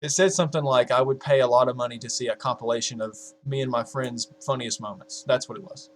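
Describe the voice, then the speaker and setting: A man's voice: mid-range voice, steady tone, quick pace, slight background noise. A man of twenty-one chatting casually to his viewers from a home setup, rambling, swearing freely and laughing at his own jokes. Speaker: YouTuber.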